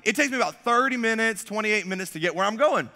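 Bright-voiced young pastor in a reverberant hall. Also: male voice, high voice, animated, fast talker. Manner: casual storytelling, self-deprecating. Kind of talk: sermon. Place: church sanctuary. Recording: long church hall reverb.

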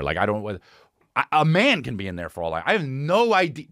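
A man hosting a podcast, telling a rambling, swearing story in casual chat with animated impressions. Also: mid-range voice, a little fast, no room sound, clean studio sound. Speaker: podcast host.

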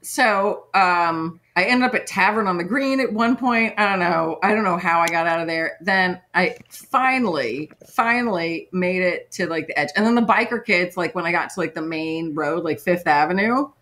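A middle-aged woman host telling a story in casual chat, animated and laughing, with many fillers. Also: lowish voice, normal speed, few pauses. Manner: animated, laughing, lots of "like" and "right?". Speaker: podcast host.

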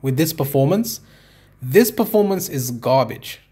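A man's voice: mid-range voice, expressive, unhurried, warm tone, husky. A man giving an exasperated, profane review of a fight, swearing and repeating himself.

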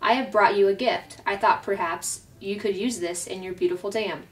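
A woman voicing a calm, polite female robot who speaks in flat, formal phrases. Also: mid-range voice, moderate pace, far from the mic, natural voice. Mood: earnest.

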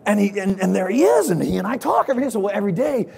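A man preaching a sermon as a pastor, telling the story playfully and rising to shouts at its peaks. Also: high voice, sing-song, racing, creaky.

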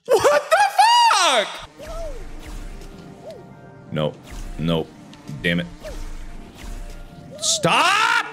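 A young man giving let's play commentary while he rages, swinging from low mutters to loud frustrated yelling. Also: big pitch swings, measured pace, music in the background. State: frustrated and raging. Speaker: gaming video creator.

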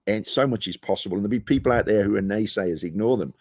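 Interviewed on an outdoor rooftop terrace, a middle-aged British property investor tells lively anecdotes in a low, gravelly, husky voice, mimicking the people he quotes. He talks fast and casually, and the audio is close and dry.

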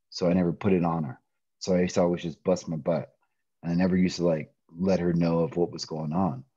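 A middle-aged man telling a personal story in a podcast interview, animated, often laughing and acting out quoted voices. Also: deep voice, breathy edge, no room sound, muffled recording. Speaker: interview guest, pro wrestler.

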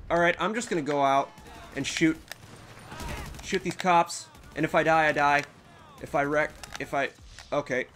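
A man's voice: on the high side, a bit bright. A young man in his twenties giving rambling, frustrated, swearing commentary over a game. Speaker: gamer. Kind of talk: let's play commentary.

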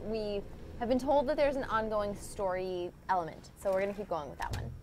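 A woman's voice: mid-range voice, brisk, a little mellow, slight background noise. A woman co-hosting a live stream, reading chat messages aloud in a bubbly, upbeat way.

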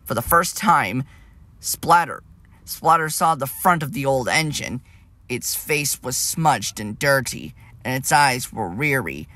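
A man's voice: mid-range voice, slow, dry recording. Man reading a storybook tale. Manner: plain, steady reading with small slips. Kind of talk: storybook narration.

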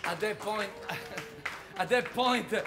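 A man telling a comic story on stage, animated and halting, often laughing as he goes. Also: sits high, a crowd in the background, background noise. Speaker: stage performer.

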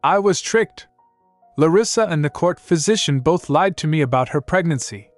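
A man's voice: a little high, moderate pace, no echo, soft background music, voice pushed up, natural voice. A man voicing a groveling, scheming young king who pleads and pushes. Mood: shouting. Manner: pleading, whiny, pushy.

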